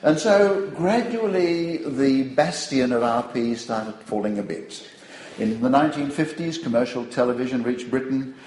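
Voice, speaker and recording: Older male lecturer, wry and anecdotal, mid-pitched, roomy hall sound with faint ambience. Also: moderate pace, slight background noise. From Australia. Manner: wry, digressive, animated storytelling. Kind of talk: public lecture.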